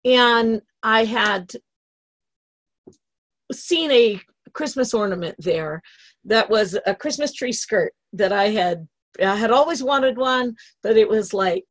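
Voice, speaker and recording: A woman's voice: mid-range voice, no room sound. A middle-aged woman giving a personal motivational talk, telling her story with emotion and laughter. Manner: emotional, laughing, animated retelling. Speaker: motivational speaker. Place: lives in a travel trailer in Idaho.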